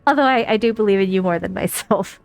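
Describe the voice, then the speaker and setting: A woman's voice: mid-range voice, quick pace, gravelly, clean tone, no room sound, faint music behind. Giggly, teasing woman streamer. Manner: giggly, teasing, swears casually. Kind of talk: casual live-stream chat.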